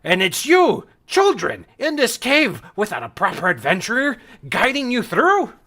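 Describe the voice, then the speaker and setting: A man's voice: very high-pitched, wildly swooping pitch, unhurried, bright, forceful tone, voice pushed up, exaggerated voice. A man voicing a stern, condescending male battle master who heads a family's private guard in a tabletop game. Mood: haughty. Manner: haughty, scolding.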